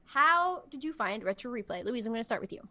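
A woman's voice: fairly high pitch, quick pace. A woman hosting a casual podcast, telling stories animatedly and laughing often. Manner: animated storytelling with lots of laughing. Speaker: podcast host.

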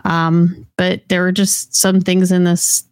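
A woman chatting casually on a podcast in a relaxed, offhand way. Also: on the low side, slow pace, no echo, studio quality. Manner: relaxed, offhand, lots of likes. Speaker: podcast co-host. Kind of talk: casual chat.

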